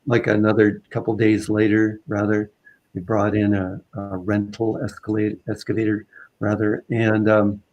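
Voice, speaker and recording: A man from Southern Vancouver Island, a guest in a conversation, telling a story casually in halting phrases full of fillers and restarts. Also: on the low side, monotone, darkish tone, low-quality recording. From Southern Vancouver Island, Canada.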